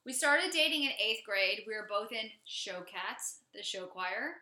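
A young woman co-hosting a podcast, chatting casually and telling stories with animated energy. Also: mid-range voice, a little slow, reverberant. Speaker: podcast co-host.

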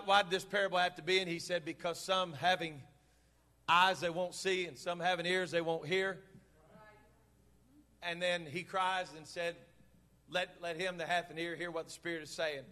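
A man's voice: sits high, sharp tone, long reverb tail. A man preaching a sermon as pastor, fervent and emphatic, repeating key phrases.

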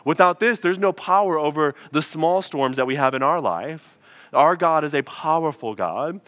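A young man preaching with a bright, forward tone that sits a little higher than most men's voices. He keeps it conversational and emphatic, talking to his congregation like friends. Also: lively intonation, moderate pace. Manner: conversational, emphatic, addresses listeners as y'all. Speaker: pastor. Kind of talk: sermon.

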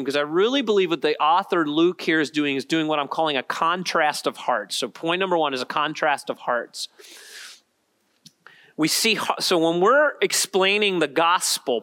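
A man preaching a lively sermon as pastor, asking the congregation questions and building to emphatic peaks. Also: on the high side. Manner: animated preaching, rising to emphatic peaks, asks the crowd questions.

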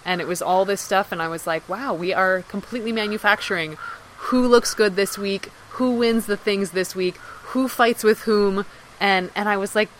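A woman's voice: mid-range voice, moderate pace, slight background noise, low-quality recording. A woman guest on a podcast telling an anecdote in casual talk, acting out what people said. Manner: lively anecdote-telling, acts out quoted speech. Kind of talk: casual storytelling.

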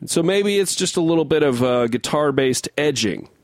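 A man's voice: a little high, expressive, moderate pace, no echo. A young adult man co-hosting a podcast, breaking down a song in casual chat and talking in loose restarts and hedges. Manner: rambling, full of restarts and hedges. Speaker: podcast co-host. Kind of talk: casual music-analysis chat.

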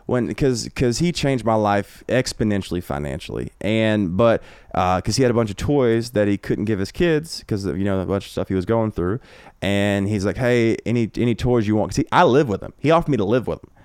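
A man talking quickly through loose, profane stories in a lowish, smooth voice. He is recorded in a home podcast room with a close, dry mic. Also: animated, a little mellow, dry recording. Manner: rapid, rambling anecdotes with frequent profanity. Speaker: guest comedian. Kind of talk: casual podcast storytelling.

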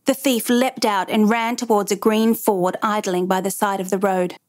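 A woman reading a dramatic true story aloud in measured, even narration. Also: mid-range voice.

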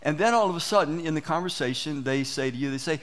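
Pastor guy preaching in church, acts out his little stories, slightly high voice. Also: fast, a little hiss or hum. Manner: animated storytelling, acts out quoted exchanges. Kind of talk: sermon.

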